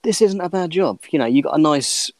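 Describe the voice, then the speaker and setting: A man's voice: fairly high pitch, animated, a little fast, no room sound. A man co-hosting a casual podcast, chatting in a laid-back way with lots of fillers. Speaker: podcast co-host.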